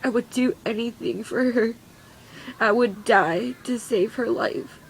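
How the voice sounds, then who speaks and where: Tearful teenage girl, gravelly voice. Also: a little high, slight background noise, poor audio. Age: teens. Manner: emotional, voice breaking, halting. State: crying. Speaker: vlogger. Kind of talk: tearful confessional vlog.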